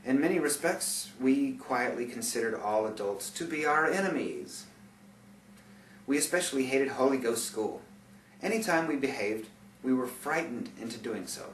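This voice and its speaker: A man's voice: medium pitch, animated, normal speed. A man reading his own memoir aloud, sardonic, with bitter asides, in a recording with a roomy, distant sound and faint hiss. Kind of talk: audiobook memoir narration.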